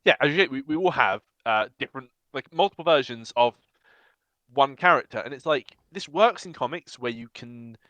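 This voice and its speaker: A man with a bright, forward voice co-hosting a casual podcast chat. He speaks hesitantly and often fills pauses with um. The sound is dry and close. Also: mid-range voice, expressive, no room sound, lo-fi sound. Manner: hesitant, full of ums. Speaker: podcast co-host.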